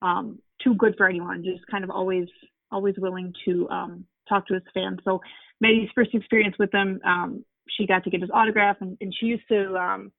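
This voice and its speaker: A woman's voice: mid-range voice, level tone, normal speed, gravelly, dry recording, phone-quality sound. Chatty mother telling a fan story. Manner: chatty, many fillers and restarts. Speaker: guest, mother of a young fan. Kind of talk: casual interview storytelling.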